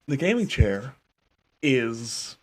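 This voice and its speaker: A man's voice: mid-range voice, very animated, takes it slowly. A young man co-hosting a casual podcast, laughing often and poking fun at himself. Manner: giggly, self-mocking, trails off. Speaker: podcast co-host.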